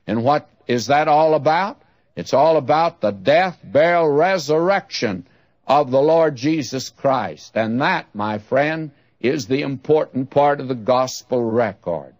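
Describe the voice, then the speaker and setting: A man's voice: mid-range voice, expressive, a little slow, no echo. A man teaching the Bible in a folksy way, speaking directly to the listener and asking rhetorical questions. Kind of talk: radio Bible study teaching. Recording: dull lo-fi radio recording.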